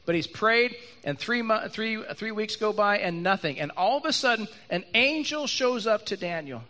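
A man preaching a sermon to a room and an online audience, animated, acting out Bible characters and repeating lines for emphasis. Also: sits high, normal speed. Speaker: pastor. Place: church hall with live audience and online stream.

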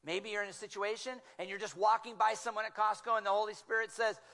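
A guest preacher, a man with a fairly high voice, delivers a sermon through a small clip-on mic. He talks fast in a steady tone, telling stories animatedly and dropping to hushed, quiet tones whenever he quotes others.

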